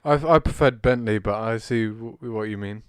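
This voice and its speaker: A British man co-hosting a casual TV review podcast, chatting with quick amusement. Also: on the low side, clean tone, no room sound, studio quality. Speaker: podcast co-host.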